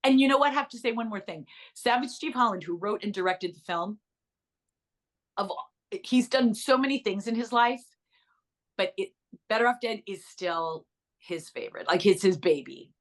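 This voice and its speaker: Middle-aged actress gabbing away in an interview, bubbly, lots of little asides. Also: female voice, mid-range voice. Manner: bubbly, storytelling with quick asides and laughs. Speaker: actress and author. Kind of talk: casual interview chat.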